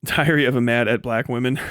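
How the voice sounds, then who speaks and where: A man's voice: medium pitch, steady tone, normal speed, a bit bright, no room sound, clean studio sound. A man talking casually on a livestream, rambling and swearing, often laughing and trailing off. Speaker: live streamer.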